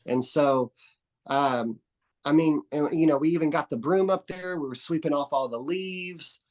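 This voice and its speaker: A man's voice: a little high, moderate pace. A man from Texas, a podcast guest in a casual conversation who tells meandering stories with frequent restarts and casual swearing. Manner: rambling storyteller, restarts and trails off often.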